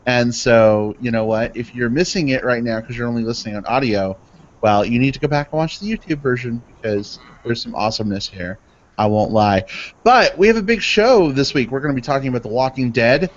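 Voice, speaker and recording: A man's voice: mid-range voice, lively intonation, a little fast. A man hosting a live podcast, chatty and upbeat, filling gaps with little fillers. His voice sits mid-range. The audio is dull and lo-fi. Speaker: podcast host.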